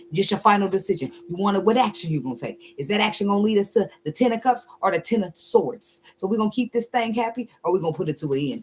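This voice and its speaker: A woman's voice: low voice, slight background noise. A woman giving a casual, channeled tarot reading. She is blunt and profane, talks with lots of energy and laughs often. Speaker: tarot reader.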